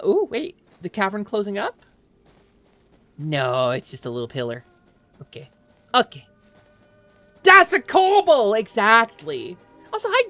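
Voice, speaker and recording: A woman VTuber streaming live, chatting casually while gaming in an excitable, giggly, rambling way. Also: mid-range voice.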